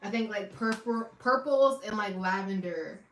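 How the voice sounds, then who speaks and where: A woman's voice: medium pitch, moderate pace, a little hiss or hum. Woman reacting to a show, echoey and far off. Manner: animated, repeats phrases, swings between loud outbursts and quiet asides. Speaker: watch party host. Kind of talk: casual reaction commentary. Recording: echoey room, far from the mic.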